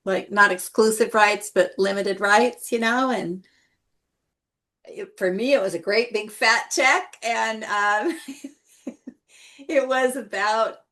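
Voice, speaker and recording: A middle-aged woman, an artist guest in an interview, telling stories in a lively, animated way. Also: slow, pauses often. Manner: lively, animated anecdotes with big pitch jumps. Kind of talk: casual interview storytelling.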